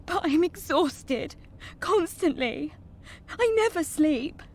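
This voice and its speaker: A woman's voice: very high voice, lively intonation, takes it slowly, full character voice. An actress playing a weary, ashamed woman dieter who talks in an anxious, confessional way in a radio comedy.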